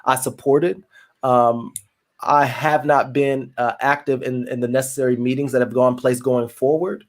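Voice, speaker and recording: A man's voice: medium pitch, steady tone, moderate pace. A man co-hosting a podcast in casual chat, effusive and full of fillers and restarts. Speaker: podcast co-host.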